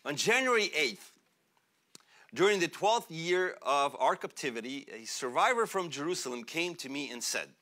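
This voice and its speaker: A young man born in Russia, a pastor preaching a sermon in a church, animated and chatty, laughing often and using many fillers. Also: a little high, normal speed. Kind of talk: sermon with personal storytelling. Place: church sanctuary.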